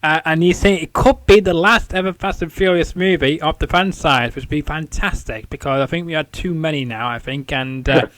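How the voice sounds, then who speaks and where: A man's voice: a little high, brisk, few pauses, fairly bright tone, no room sound. A man hosting a casual interview show, rambling with many fillers and repeated "I think". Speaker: show host.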